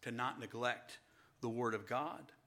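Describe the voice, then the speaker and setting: A middle-aged pastor preaching an earnest sermon and asking the congregation rhetorical questions. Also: male voice, medium pitch, unhurried, a bit bright.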